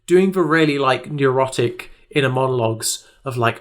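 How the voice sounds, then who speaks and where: A man co-hosts a podcast in easygoing conversation. He retells scenes animatedly and acts out the characters' lines. His voice sits at an ordinary middle pitch. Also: moderate pace. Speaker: podcast co-host. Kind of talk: casual chat.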